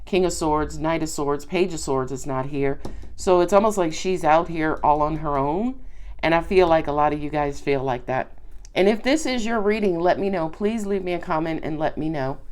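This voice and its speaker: A woman's voice: deep voice, normal speed, darkish tone. Chatty Southern tarot-reading woman. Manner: chatty, reassuring, affirming. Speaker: tarot reader.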